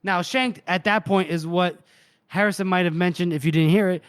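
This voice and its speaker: A man's voice: sits high, steady tone, a little fast, clear, resonant tone, dry recording, clean studio sound. Man retelling a book chapter. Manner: retells scenes acting out character lines. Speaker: podcast co-host. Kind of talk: casual book recap chat.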